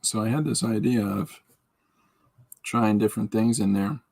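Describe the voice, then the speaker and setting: A man with a fairly low, gravelly voice that is a little mellow with a breathy edge speaks at a moderate pace. Hosting a podcast stream, he draws, jokes and rambles casually, reading viewer comments and answering them.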